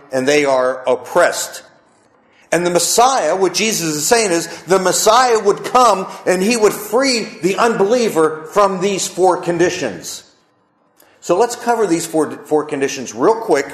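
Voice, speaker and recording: Pastor, male, fairly high voice, lively sermon delivery, echoey room. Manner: animated preaching with wide pitch swings.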